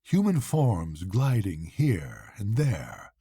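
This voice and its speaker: An older man, a grandfather, reading a classic novel aloud to his grandchildren at bedtime in an unhurried, expressive way. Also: fairly low pitch, slightly rough.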